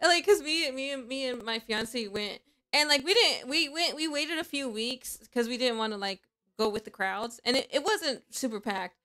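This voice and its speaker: A woman guest chatting casually on a stream, animated and excitable. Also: high-pitched. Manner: animated, excitable, quick to laugh. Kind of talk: casual chat.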